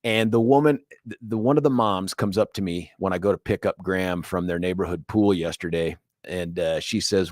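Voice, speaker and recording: A middle-aged man hosting a radio talk show, telling stories in a jokey, animated way with laughs. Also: sits low, a little fast, no echo, studio quality. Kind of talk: casual radio chat. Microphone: studio microphone.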